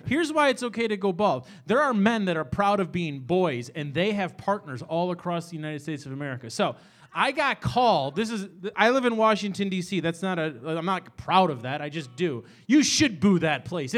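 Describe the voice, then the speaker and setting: A man's voice: sits high, animated, brisk, a bit bright. A middle-aged man hosting a live comedy talk show in a small bar, rambling and self-deprecating, working up into exasperated rants. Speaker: host.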